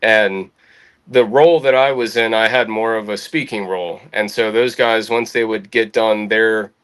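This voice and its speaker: A man's voice: normal speed, clear, resonant tone. A young adult man telling a military story as a podcast guest, casual, swearing freely, quoting others in livelier voices. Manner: lively anecdotal, swears freely, quotes others with rising pitch.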